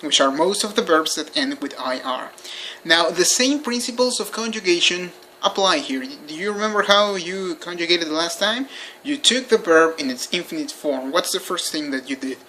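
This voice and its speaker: A language teacher talks through a lesson indoors with a bright, forceful tone. The delivery is patient and repetitive, and word endings are spelled out one letter at a time. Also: medium pitch, moderate pace, slight background noise. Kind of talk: informal recorded lesson. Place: indoors by a window.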